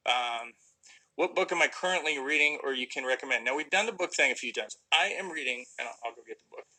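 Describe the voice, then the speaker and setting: A man's voice: medium pitch, animated, fast, bright, forceful tone, rough recording. A man casually answering viewer questions on a livestream, rambling and joking, sometimes trailing off into mumbles. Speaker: actor answering fan questions.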